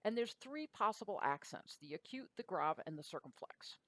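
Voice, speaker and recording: A middle-aged woman gives a classroom lecture in a relaxed, explanatory way, pausing on fillers and checking in with her listeners. Her voice sits on the low side. The recording is dry and close. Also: dry recording. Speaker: teacher.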